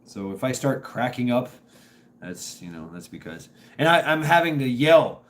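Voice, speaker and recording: A middle-aged man with a strained, hoarse voice, hosting a casual live stream and rambling, halting as he greets viewers by name. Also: medium pitch, very animated, a bit bright. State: strained voice from dusty work.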